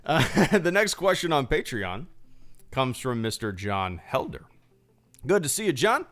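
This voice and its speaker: A man's voice: mid-range voice, very animated, measured pace, a bit bright. A man hosting a casual livestream Q&A with supporters, chatty and rambling, full of restarts. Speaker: YouTube channel host.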